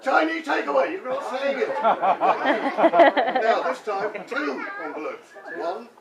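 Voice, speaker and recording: A man's voice: very high voice, sing-song, slow pace, a loud crowd. An older man performing magic tricks for a live audience, talking through each step in jokey patter and often chuckling at his own gags. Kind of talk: comic magic-show patter. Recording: echoey room, distant mic, background noise.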